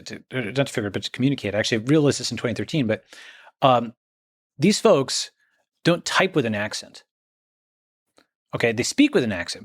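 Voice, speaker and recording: A man's voice: medium pitch, no room sound, clean studio sound. A man speaking as an interview guest, emphatic, often checking in with "okay?" and "right?". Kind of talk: conversational interview.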